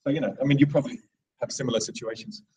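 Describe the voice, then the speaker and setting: A man's voice: medium pitch, steady tone, racing, warm tone, recorded from a distance, rough recording. A man in his thirties giving a rambling, digressive live speech to an audience, with many restarts. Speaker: speaker at a live event.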